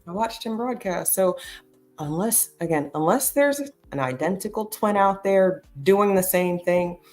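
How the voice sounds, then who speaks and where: A woman's voice: mid-range voice, animated, unhurried, darkish tone, faint music behind. A woman hosting a casual commentary, talking bluntly and emphatically with lots of profanity. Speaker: commentary host.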